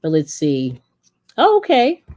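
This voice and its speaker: A woman hosts a casual cooking livestream, reading viewer comments aloud in a chatty, rambling way, full of fillers and restarts, and giggling often between remarks. Her voice is low-pitched and darkish, a little slow, with huge swings in pitch.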